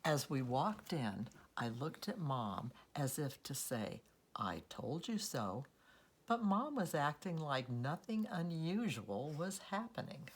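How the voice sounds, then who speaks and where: A woman reading a children's story aloud in an expressive, unhurried storytelling manner. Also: deep voice, a little hiss or hum. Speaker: storybook reader.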